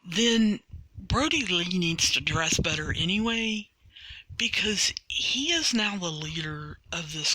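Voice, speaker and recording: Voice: mid-range voice, bright, forceful tone, no room sound. A podcast host giving a casual, rambling recap of a televised show, full of asides and restarts. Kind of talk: casual wrestling show review.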